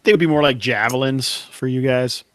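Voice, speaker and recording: A man narrating a tabletop game as its game master, his voice sitting at a middle pitch. He describes the scene loosely, with lots of fillers. He chuckles often along the way. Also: brisk, a bit bright, no room sound, poor audio.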